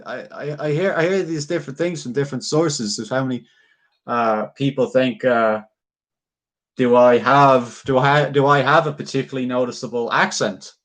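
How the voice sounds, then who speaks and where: A man chatting casually with live viewers while he carves, rambling, swearing freely, and laughing often. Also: medium pitch. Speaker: livestreamer.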